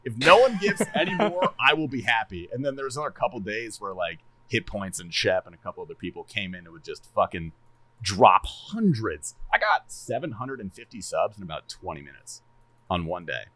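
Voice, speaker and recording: Man, casual podcast chat, swears a lot, repeats words, lively pitch swings. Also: fairly quick, dry recording. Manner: animated, laughs often, swears freely; repeats words and stumbles into sentences. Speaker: streamer and podcast co-host.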